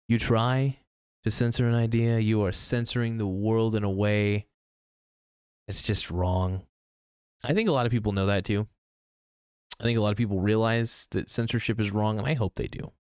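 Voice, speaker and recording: Brief: young male vlogger, low voice, crude rambling rant, dry close sound. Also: clean tone, no echo. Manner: blunt, crude, rambling with restarts. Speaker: political vlogger. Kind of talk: ranting monologue to camera.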